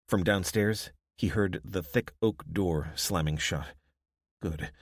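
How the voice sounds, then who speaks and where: A man narrating a survival audiobook in steady, measured scripted narration. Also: low-pitched, no room sound, studio quality.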